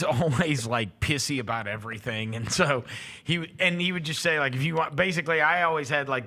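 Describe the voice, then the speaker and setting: A man's voice: fairly high pitch, vocal fry, sharp tone. A middle-aged man, hosting a sports talk show and telling rambling anecdotes full of fillers and restarts. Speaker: host.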